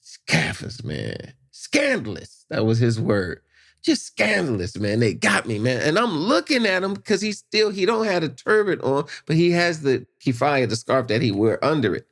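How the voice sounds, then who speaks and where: A man spins a story in loose, casual talk. His pitch leaps and dips all over as he acts out the voices and the noises. He keeps it lively from line to line. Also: moderate pace. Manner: animated, acts out voices and sound effects. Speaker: podcast guest.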